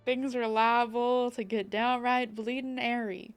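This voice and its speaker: A woman voicing a gruff male tavern keeper in a put-on southern pirate accent, drawling and rolling her R's as she reads. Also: on the high side, steady tone, measured pace, faint music behind. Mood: gruff welcoming. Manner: drawling, rolled R's, reading aloud.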